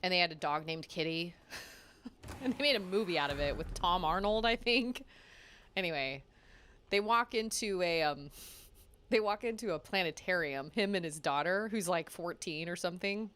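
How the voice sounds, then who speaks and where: A woman's voice: lowish voice, normal speed. A young adult woman streaming a video game, reacting with exclamations, groans and laughter. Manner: excitable, groaning and laughing at setbacks. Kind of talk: live gameplay commentary.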